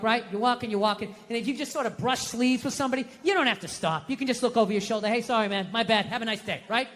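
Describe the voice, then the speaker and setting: On a large theater stage, a man performs stand-up in a very high-pitched voice, animatedly telling stories and acting out his own inner voice. There's live theater reverb, a faint audience, and a little hiss or hum.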